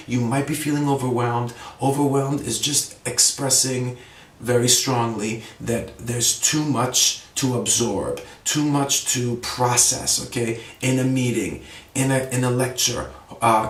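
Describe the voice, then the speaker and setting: Male ESL podcast host, mid-pitched, conversational, recorded a little off-mic in a roomy space. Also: far from the mic. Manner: conversational, frequent "okay?" check-ins, acts out example phrases. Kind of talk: casual vocabulary lesson.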